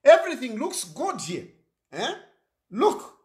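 A man's voice: very high voice, wildly swooping pitch, takes it slowly, echoey room. A man from Zambia, speaking to camera in emphatic political commentary, repeating himself and firing rhetorical questions.

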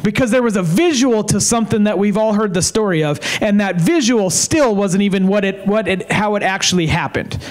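A man preaching a revival sermon as an evangelist. He speaks fervently, repeats phrases for emphasis and slows down to drive his points home. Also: sits high, animated, poor audio. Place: evening service in a tent.

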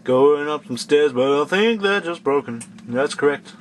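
A man's voice: on the high side, animated, moderate pace, slight background noise. A young man doing gameplay commentary, grumbling in exasperation and scolding the enemies on screen. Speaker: let's play gamer.

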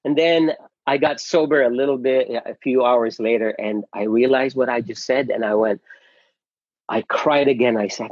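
Guest actor, middle-aged man from the Philippines, husky and earnest, muffled call audio. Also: mid-range voice, normal speed, a little mellow, no room sound. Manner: earnest and emotional, with many restarts and repeated words. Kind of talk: casual interview storytelling.

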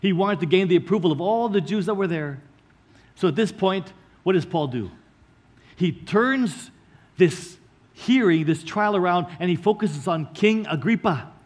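A male pastor preaching a sermon, earnestly explaining scripture line by line and slowing down to stress key words. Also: high-pitched, expressive.

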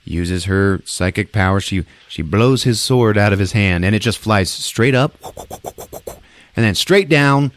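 A man hosting a podcast, retelling a movie in a jokey, laughing, animated way. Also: fairly low pitch, a little slow, no room sound. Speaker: podcast host. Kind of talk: casual movie recap.

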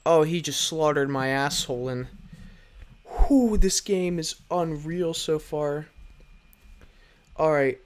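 A man's voice: fairly high pitch, takes it slowly, long pauses. A young man playing a horror game at home, commentating in a frantic, profane way and repeating panicked phrases over and over. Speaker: gamer. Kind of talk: let's play commentary. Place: bedroom at home.

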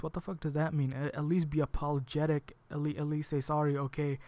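A man's voice: fairly high pitch, flat delivery, quick pace, a little mellow, no echo. A man ranting angrily at home, swearing often and sounding exasperated. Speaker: vlogger. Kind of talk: angry rant to camera.

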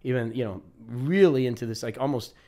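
A man's voice: medium pitch, a little fast, warm tone. Enthusiastic man reacting to a song. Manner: enthusiastic, repeats words for emphasis. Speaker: reaction video host. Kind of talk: casual reaction commentary.

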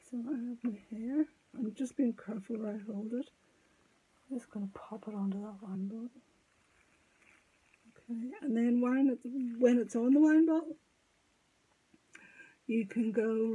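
A woman giving a step-by-step sculpting tutorial, thinking aloud as she works, halting and often dropping to a murmur. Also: on the high side, warm tone, husky, rough recording. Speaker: sculpting teacher.

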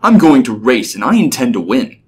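A man's voice: medium pitch, very animated, a little fast, a little hiss or hum, close to an everyday voice. A man voicing a proud, indignant young chariot racer in a storybook reading. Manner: indignant, boastful.

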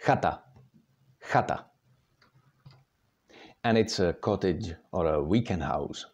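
A Czech man with a deep, darkish voice teaches pronunciation at a normal speed. He patiently sounds out words for learners step by step, demonstrating each sound aloud in a slow lesson.

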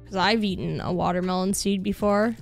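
A woman's voice: mid-range voice, a little fast, vocal fry. A young woman with a Canadian accent, chatting casually to her viewers while she plays, rambling with lots of fillers. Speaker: streamer. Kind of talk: casual live-stream chat while gaming. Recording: faint music behind the voice.

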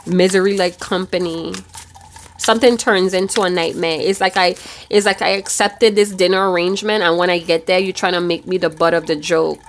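A woman's voice: fairly low pitch, steady tone, fairly quick, a little hiss or hum. A woman giving a casual tarot reading, chatty and loose, with casual swearing. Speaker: tarot reader.

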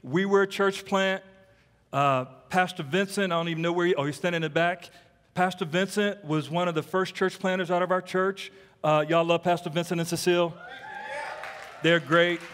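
A man preaching as a pastor, telling stories in an animated way and teasing the congregation with playful asides. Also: high voice. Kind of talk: sermon. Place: church sanctuary. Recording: long hall reverb.

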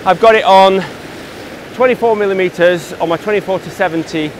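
A man's voice: sits high, brisk, noisy background. Enthusiastic English man vlogging outdoors. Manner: enthusiastic, talks while hiking and shooting. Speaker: landscape photography vlogger. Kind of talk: casual outdoor vlog narration. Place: outdoors on a mountain by a river.

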